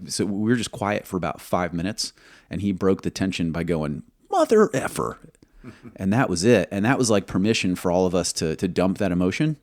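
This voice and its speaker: A man who served as a military pilot, telling a combat story in an interview, measured and halting, acting out quoted dialogue. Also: sits low, a little mellow, no room sound, studio quality.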